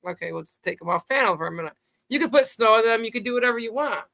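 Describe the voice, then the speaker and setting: Bright, loose-talking woman host. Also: fairly high pitch, lively intonation, very fast, vocal fry. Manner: loose, rambling, swears freely. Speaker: live-stream host. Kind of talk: casual live-stream chat.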